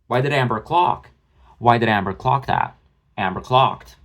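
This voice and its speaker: A man's voice: mid-range voice, unhurried, creaky, a bit bright. Man ranting bluntly into a phone. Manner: blunt, profane, rambling with restarts. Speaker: drama commentary vlogger. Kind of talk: ranting commentary.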